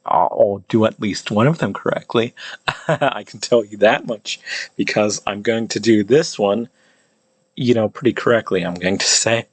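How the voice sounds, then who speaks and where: Man, low voice, dry recording, halting, explaining pronunciation. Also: no room sound. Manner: halting, thinking aloud with many restarts. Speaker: language hobbyist explaining pronunciation. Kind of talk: casual explanation.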